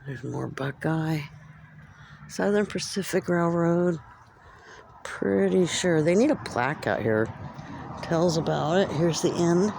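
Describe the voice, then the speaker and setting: A woman from Central California vlogging on a handheld phone outdoors at a train station after dark, musing aloud as she describes what she sees. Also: on the low side, expressive, slow, gravelly, pauses often, slight background noise. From Central California, United States. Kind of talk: casual walking vlog, narrating what she sees.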